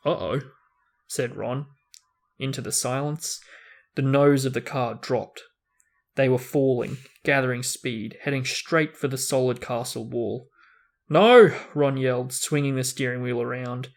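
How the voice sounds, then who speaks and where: A man reads a novel aloud as the host of a book discussion. His reading is expressive, with the odd small restart, and his voice sits at an ordinary middle pitch for a man. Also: unhurried.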